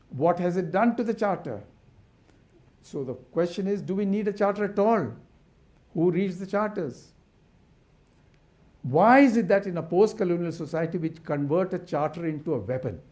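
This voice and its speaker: A man's voice: high voice, darkish tone. An older man from India giving a symposium keynote, asking rhetorical questions with passion and frequent restarts. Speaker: keynote speaker.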